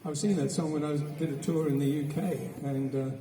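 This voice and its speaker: A man's voice: fairly high pitch, fairly even intonation, quick pace, dark tone. An older Australian man chatting to the audience between songs at a live gig in a village tavern, telling rambling anecdotes full of hesitant restarts. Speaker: singer and guitarist. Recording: roomy live recording from a distance.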